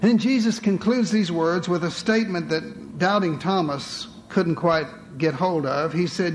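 A man's voice: high voice, measured pace, few pauses, slight background noise. A man preaching a sermon to a congregation, with dramatic rhetorical questions, calling his listeners beloved.

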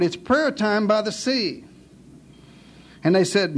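A theatrical male preacher with a high-pitched voice, spinning a scripture story into a lively sermon. He cracks jokes, then drops to a hush for dramatic effect. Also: creaky, slightly rough. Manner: theatrical, wisecracking, shifts to hushed dramatic pauses.

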